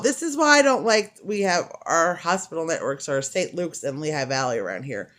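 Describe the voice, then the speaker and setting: A woman's voice: sits low, expressive, normal speed, a bit bright. Chatty, rambling middle-aged woman. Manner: rambling, chatty, laughs often. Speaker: crochet vlogger. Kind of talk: casual storytelling chat.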